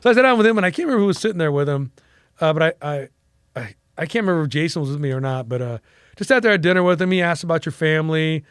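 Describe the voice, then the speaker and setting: A middle-aged man from the United States, a podcast guest telling stories casually, animated and profane, acting out the people he quotes. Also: on the high side, very fast, clean tone, no room sound, studio quality. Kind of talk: casual storytelling interview.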